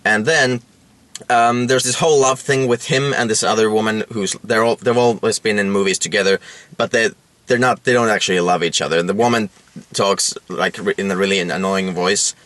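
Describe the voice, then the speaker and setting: A man co-hosting a casual chat about a film, talking in a rambling, halting way with many restarts. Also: on the low side, fairly even intonation, fairly bright tone, no room sound. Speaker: podcast co-host.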